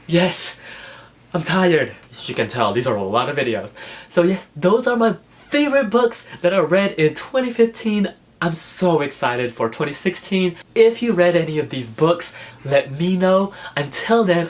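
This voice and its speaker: A man's voice: fairly high pitch, slight background noise. Emotional guy gushing about his fave books, lots of fillers, laughing through it. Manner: chatty and gushing, full of fillers. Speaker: book vlogger. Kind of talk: casual book review vlog.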